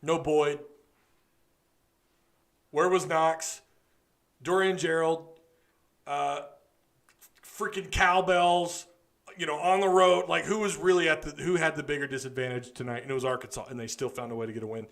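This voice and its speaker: A man's voice: on the high side, fairly even intonation, normal speed, long pauses, a bit bright. A man hosting a casual live postgame talk, tired and rambling as he talks to viewers. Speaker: podcast host.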